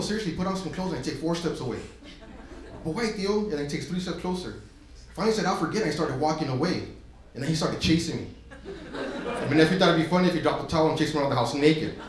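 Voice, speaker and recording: A man doing a stand-up comedy set in a comedy club, crude and brash, acting out characters as he goes. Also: medium pitch. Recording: very echoey live club recording with room noise.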